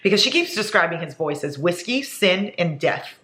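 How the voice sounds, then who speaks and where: A woman's voice: on the low side, animated, moderate pace, pushed and bright. A young woman in her twenties, chatting casually and dramatically in a reading vlog from home. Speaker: book vlogger. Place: indoors at home.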